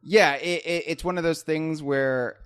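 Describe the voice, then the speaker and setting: A man's voice: fairly high pitch, a little slow, a bit bright, smooth. A man in a casual podcast discussion, talkative and jokey, working his thoughts out as he speaks.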